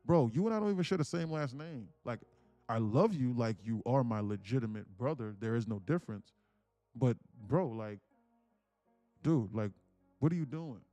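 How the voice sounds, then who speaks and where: A young man livestreaming, telling a family story in a blunt, animated rant and saying "bro" constantly. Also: mid-range voice, moderate pace, dry recording, faint music behind. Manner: blunt, repeats "bro" constantly, grows louder and more insistent. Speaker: livestream day trader.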